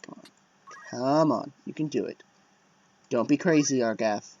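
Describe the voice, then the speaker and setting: A man's voice: medium pitch, a little slow, pauses often, darkish tone, slight background noise. Chatty man commenting on a strategy game. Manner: chatty, self-deprecating, mutters under breath. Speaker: let's play commentator. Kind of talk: casual gameplay commentary. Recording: dull lo-fi dry mic.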